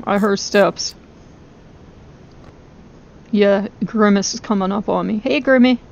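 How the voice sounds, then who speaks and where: A woman commenting on her own horror game playthrough into a close microphone, excitable and quick to shriek and laugh. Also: mid-range voice, vocal fry, highs cut off. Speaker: gaming video host. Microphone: close desk microphone.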